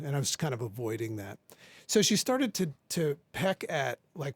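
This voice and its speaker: A man's voice: on the high side, big pitch swings, moderate pace, vocal fry, no echo. A man in his forties, a podcast guest, telling an intense personal story and acting out both sides of remembered conversations. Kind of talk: emotional storytelling.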